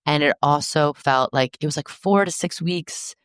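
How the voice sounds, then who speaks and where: A woman hosting a podcast, telling stories in a lively, self-deprecating, goofy way. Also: low voice, moderate pace, smooth, dry recording, clean studio sound. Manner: animated, self-deprecating storyteller. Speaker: podcast host. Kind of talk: casual chat.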